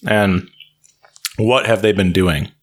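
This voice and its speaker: A man's voice: low-pitched, fairly even intonation, takes it slowly. Joking, rambling male podcast co-host. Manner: joking, rambling, laughs often. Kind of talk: casual chat.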